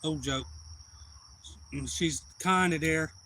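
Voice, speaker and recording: A man tells a rambling, animated story to his live-stream viewers. His voice is bright and slightly raised in pitch. Crickets and insects chirp faintly behind him. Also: slow, slight background noise, poor audio. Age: adult father. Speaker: outdoors channel host.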